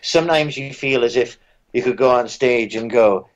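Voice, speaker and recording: A British musician guest in a casual interview, telling dry, wry anecdotes with frequent restarts. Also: male voice, mid-range voice, normal speed, low-quality recording. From Britain.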